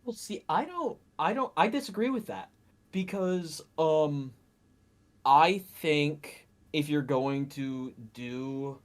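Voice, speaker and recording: A man's voice: a little high, slow pace. A man co-hosting a casual movie discussion, arguing his view at length with plenty of fillers. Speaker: co-host of a movie discussion show.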